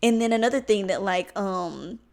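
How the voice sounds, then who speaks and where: A young woman talking to her camera in a loose, unscripted vlog. She is candid and blunt, swearing freely and jumping from thought to thought with restarts. Her voice sits at an ordinary middle pitch. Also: animated, normal speed, creaky, a little mellow. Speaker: vlogger. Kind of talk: casual talking-head vlog.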